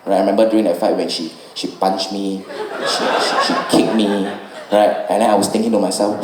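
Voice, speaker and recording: A man's voice: lowish voice, fairly quick. Singaporean man doing stand-up in an echoey venue. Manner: lively, conversational, tags lines with "right?". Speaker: stand-up comedian. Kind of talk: stand-up comedy set. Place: comedy venue with a live audience. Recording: echoey live room from a distance, audience noise.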